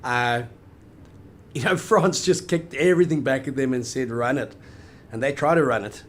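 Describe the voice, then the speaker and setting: A man's voice: mid-range voice, moderate pace. A man co-hosting a casual sports chat, arguing at length in an emphatic, analytical way. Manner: emphatic, analytical, long flowing arguments. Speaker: podcast co-host.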